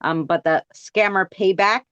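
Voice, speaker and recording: A woman's voice: medium pitch, measured pace, a bit bright, clean tone, no echo. A woman co-hosting a casual livestream, telling stories in a rambling way with many restarts. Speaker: livestream co-host. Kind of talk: casual chat. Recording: dry dull-sounding audio.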